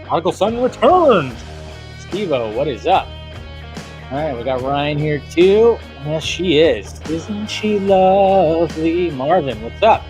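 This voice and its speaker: A man's voice: fairly high pitch, very animated, measured pace, darkish tone, soft background music. A man hosting a casual live stream, greeting viewers by name and rambling in a jokey way.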